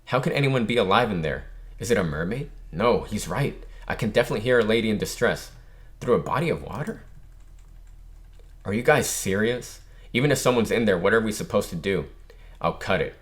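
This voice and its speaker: A man with a somewhat low voice reads a comic aloud for a reaction video. He keeps the character lines in his own plain voice. He often stops to comment casually and correct his own reading. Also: lively intonation, a little fast. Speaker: manga reaction channel host.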